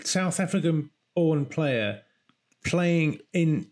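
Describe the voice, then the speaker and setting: A man's voice: fairly high pitch, takes it slowly. A man chatting casually and easily, laughing along with a friend. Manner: relaxed, easygoing, laughs along. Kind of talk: casual sports chat.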